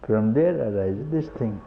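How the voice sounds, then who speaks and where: Older Indian spiritual teacher, deliberate and low-pitched, chuckling through rhetorical questions; phone-thin archival tape. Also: male voice. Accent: Indian English. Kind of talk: satsang talk. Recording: tinny old tape with faint hiss.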